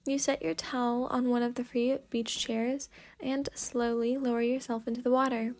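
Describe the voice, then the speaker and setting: Woman, sleepy soft storyteller, slightly high voice, whispered role-play, second-person narration. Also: level tone, moderate pace. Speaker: fanfic reader.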